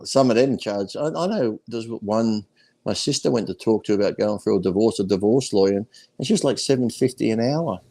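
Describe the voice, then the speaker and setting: A man's voice: lowish voice, normal speed, mellow. An older man, a retired pro bodybuilder telling blunt, crude stories in casual chat. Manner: blunt, crude, boastful anecdotes.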